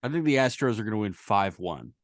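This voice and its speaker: A man's voice: on the low side, very animated, brisk, dry recording. A man co-hosting a casual sports podcast, talking loosely and sarcastically, swearing freely on a close mic. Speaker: podcast co-host.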